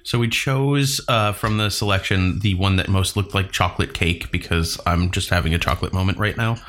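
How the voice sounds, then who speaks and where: A man co-hosting a podcast, chatting casually while tasting snacks, pausing and restarting as he talks around a mouthful. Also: low-pitched, fairly bright tone. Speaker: podcast co-host. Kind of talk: casual food-tasting chat.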